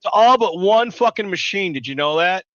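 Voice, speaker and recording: A man rambles through a live stream, loud and foul-mouthed. His voice is forceful and a bit high, and the sound is dull and dry, like a lo-fi mic. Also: animated, moderate pace, no room sound. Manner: loud, rambling, swears constantly. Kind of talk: profane casual storytelling chat.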